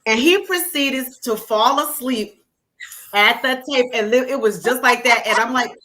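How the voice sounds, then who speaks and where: A woman guest telling frank, animated stories in casual chat, quick to laugh. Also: on the high side. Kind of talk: casual storytelling.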